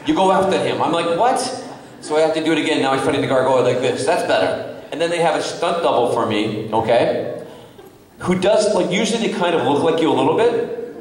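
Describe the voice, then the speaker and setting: A man's voice: on the high side, brisk. Guy rambling thru a funny story at a con panel, laughs a lot, big echoey hall, mic far off. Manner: animated, laughing, full of fillers. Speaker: actor guest at a convention panel. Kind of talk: casual storytelling to a crowd. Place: convention hall panel room. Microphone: distant from the recording mic.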